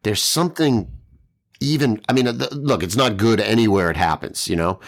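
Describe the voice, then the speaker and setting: A man's voice: fairly low pitch, fairly quick. A middle-aged man from New York with a New York accent, co-hosting a casual podcast in a dry, understated way. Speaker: podcast co-host. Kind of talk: casual chat.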